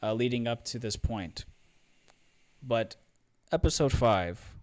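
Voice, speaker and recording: A man hosting a casual film commentary show, enthusiastic and playful, slightly hoarse. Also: mid-range voice, takes it slowly, a little mellow. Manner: enthusiastic, playful, with frequent fillers. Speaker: host. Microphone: studio microphone.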